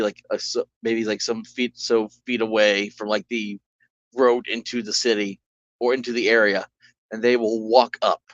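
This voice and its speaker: A man narrates a solo tabletop game in a casual, rambling manner, constantly using "like," restarting and self-correcting. His pitch is medium. The recording is dry, dull and lo-fi.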